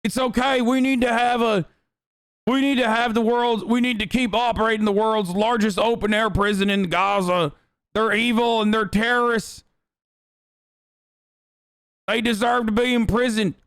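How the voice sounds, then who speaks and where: A man's voice: high voice, fairly even intonation, normal speed, pauses often, fairly bright tone, clear, resonant tone, no echo, voice pushed up. A man putting on a mocking voice of a blustering, aggressive male hardliner who talks in a bullying, pushy way.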